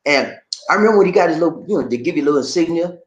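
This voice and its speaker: Animated middle-aged man, lively storyteller. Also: fairly high pitch, racing, reverberant, highs cut off. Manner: animated, laughing, outspoken storyteller. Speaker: YouTube show host. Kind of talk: casual live-stream chat.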